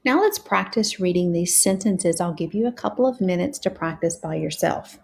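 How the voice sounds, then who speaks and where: A woman teaching a reading lesson to young learners, sounding out words slowly and carefully. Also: lowish voice, lively intonation, creaky.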